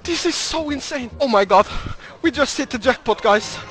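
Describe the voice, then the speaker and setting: A man with a Norwegian accent streaming a slot game live, shouting and swearing in frantic excitement over his wins. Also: very high-pitched, normal speed, faint music behind.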